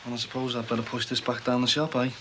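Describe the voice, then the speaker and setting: A sardonic young working-class man, played by an actor in a TV soap. He teases and jokes with a dry, mocking edge at a middle pitch. The soundtrack carries clear background noise. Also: fairly even intonation, fast, close to an everyday voice. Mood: joking. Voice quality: teasing, sardonic. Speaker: son and boyfriend in a soap. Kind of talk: TV soap acting. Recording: noisy TV soundtrack.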